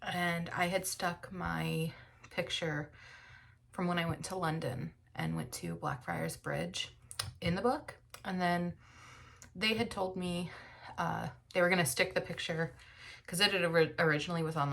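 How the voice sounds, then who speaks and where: A woman's voice: on the low side, normal speed, gravelly, a bit bright. A woman book vlogger talking casually at home, emotional and teary, rambling with lots of fillers. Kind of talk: casual personal reflection.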